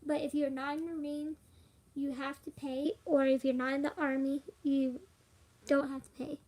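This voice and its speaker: A woman's voice: high-pitched, level tone, moderate pace, a little mellow. A young woman chats on a live stream. She sounds worn out and rambles from one thought to the next, full of fillers. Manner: rambling, with frequent fillers and laughs. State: tired. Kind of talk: casual live stream chat.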